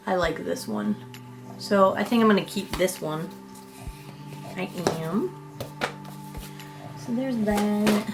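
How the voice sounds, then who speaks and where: A woman's voice: medium pitch, lively intonation, takes it slowly, long pauses, music in the background. A young woman vlogger chatting casually about her makeup, rambling and self-deprecating, with casual swearing. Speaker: beauty vlogger. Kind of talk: casual makeup declutter chat.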